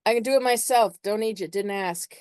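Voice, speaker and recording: A woman's voice: medium pitch, fairly quick, a little mellow, dry recording, studio quality, pitched above the performer's own voice, close to an everyday voice. A woman voicing a brusque, independent personified star sign that curtly refuses help. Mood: dismissive. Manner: curt, brushing off help.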